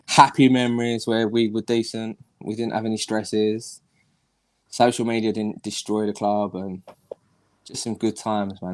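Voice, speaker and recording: Laughing, jokey male podcast host. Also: on the low side. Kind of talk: casual podcast chat.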